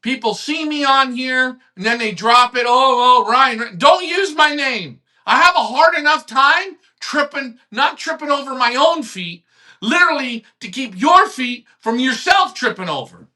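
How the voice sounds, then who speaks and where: A man hosting a live online pigeon club show, ranting heatedly, swearing and swinging from shouts to quiet mutters. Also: extremely high pitch, lively intonation, normal speed. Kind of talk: heated live-stream rant.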